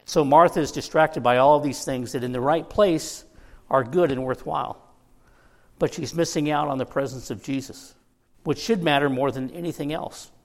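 A man's voice: a little high, moderate pace. A man preaching a conversational sermon as pastor, with joking asides to the congregation.

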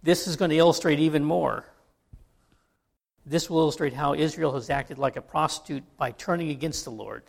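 A pastor giving a relaxed, conversational sermon, folksy and joking, often restarting his sentences. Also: fairly high pitch, gravelly.

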